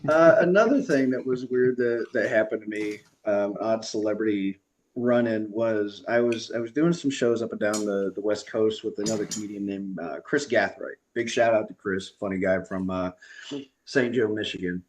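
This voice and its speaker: A man's voice: fairly low pitch, normal speed, a little hiss or hum. A man doing stand-up comedy on a video call, telling chatty stories and laughing at his own punchlines.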